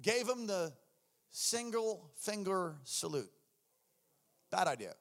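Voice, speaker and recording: A man preaching a sermon, telling his story with acted-out voices and shouts. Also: high voice, big pitch swings, slow pace, vocal fry. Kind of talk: sermon testimony.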